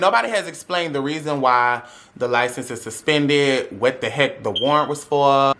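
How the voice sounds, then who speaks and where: A man's voice: a little high, bright, forceful tone. A young man speaking tells a dramatic, sassy story to his audience, acting out every voice in it. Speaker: vlogger telling a story. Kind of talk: animated storytime.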